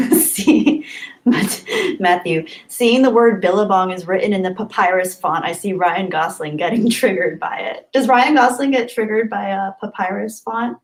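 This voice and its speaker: A woman's voice: medium pitch, moderate pace, poor audio. A young adult woman hosting a casual livestream, chatting and giggling as she answers viewers' comments by name. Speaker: livestream host.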